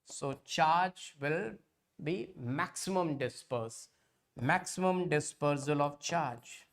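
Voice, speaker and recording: A man's voice: on the high side, slow. A man teaching an online exam-prep lecture. He repeats points again and again and keeps calling his students kids.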